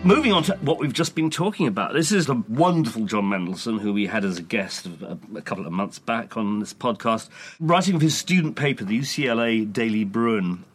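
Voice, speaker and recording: A man's voice: fairly low pitch, expressive, brisk. A man co-hosting a podcast, chatting casually and reading old music press quotes aloud with frequent laughter. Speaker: podcast co-host. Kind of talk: casual chat.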